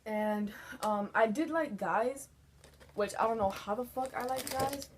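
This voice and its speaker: A woman's voice: fairly high pitch, a little slow, a little hiss or hum. A young woman vlogger telling a personal story in a frank, casual way, swearing often and filling her talk with "like". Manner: frank, swears a lot, fillers like 'like'.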